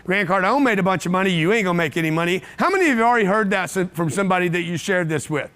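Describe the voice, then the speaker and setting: A man's voice: high voice, lively intonation, brisk, fairly bright tone. A man giving a live motivational seminar talk to an audience, blunt and profane, firing off repeated rhetorical questions. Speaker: motivational speaker. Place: event room with a live audience.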